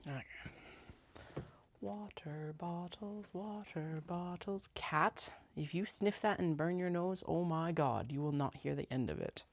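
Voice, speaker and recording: A woman's voice: low voice, lively intonation, moderate pace, vocal fry. A woman who vlogs about sewing, chatting casually on a clip-on mic and muttering to herself and her cats as she works in her basement. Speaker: sewing vlogger. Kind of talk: casual chat while working.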